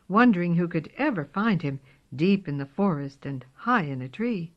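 A woman reading a storybook aloud in a slow, expressive way. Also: lowish voice. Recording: dull lo-fi recording.

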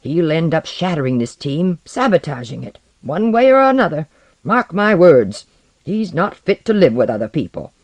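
A suspicious middle-aged chemist who speaks in a strained voice, as an audiobook narrator puts him on. He talks slowly, pressing each word louder. The tone is grim and accusing. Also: mid-range voice, very animated, no echo. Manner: strained, forceful.

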